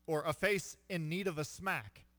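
A man co-hosting a sports radio show, reading odd trivia aloud in a deadpan way and stumbling over foreign words. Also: fairly high pitch, moderate pace, dry recording. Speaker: radio co-host. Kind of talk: casual sports radio banter.

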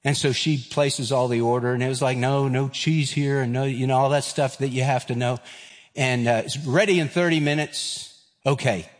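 A man's voice: medium pitch, moderate pace. A man, preaching a sermon and telling stories, acting out the voices of the people in them. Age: 50s. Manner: animated, acts out quoted voices. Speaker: pastor. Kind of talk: sermon with storytelling. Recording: long reverb of a large hall.

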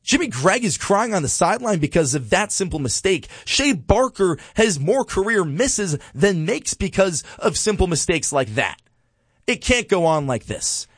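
Animated exasperated male sports talker. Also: high-pitched, moderate pace, breathy edge, no echo. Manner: exasperated, animated, repeats a refrain. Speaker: sports podcast co-host. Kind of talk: casual sports commentary.

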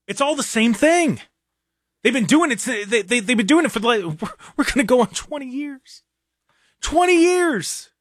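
A man's voice: extremely high pitch, a bit bright, no echo, clean studio sound. A young adult man, hosting a sports talk show and ranting in an exasperated, emphatic way. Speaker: sports talk radio host.

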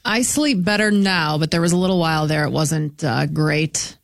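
A woman's voice: low-pitched, normal speed, vocal fry, no echo, clean studio sound. A woman co-hosting a radio show in casual banter, confidently recommending what she uses. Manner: chatty, gives confident advice. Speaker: radio co-host.

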